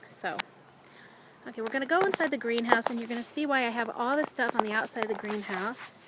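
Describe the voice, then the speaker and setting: A woman giving a casual tour of her small backyard greenhouse, chatty and proud, with soft whispered asides. She is a little out of breath. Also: a little high, expressive, fairly quick, very noisy. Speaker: home gardener giving a tour.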